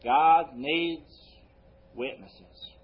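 A male pastor preaching a sermon, swinging between loud emphasis and quiet low phrases, slowing down on scripture quotes. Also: narrow, tinny audio.

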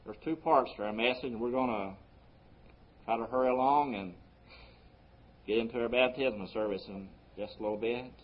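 A man's voice: mid-range voice, steady tone, moderate pace, long pauses. Preaching man, swelling and dropping, lo-fi. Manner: preaching with sweeping rises and drops in loudness. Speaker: pastor. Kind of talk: sermon.

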